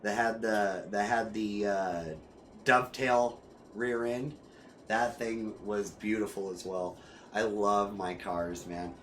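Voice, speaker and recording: A man streaming casual gameplay commentary who rambles with many fillers and restarts and gets excited and loud about cars. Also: on the low side, takes it slowly, a little hiss or hum.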